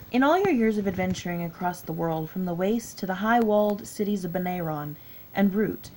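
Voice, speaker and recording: A woman's voice: medium pitch, darkish tone, slight background noise, rough recording. A tired woman with a Southern US accent, reading a text adventure game aloud with her own asides and stumbling over long words. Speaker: gaming YouTuber.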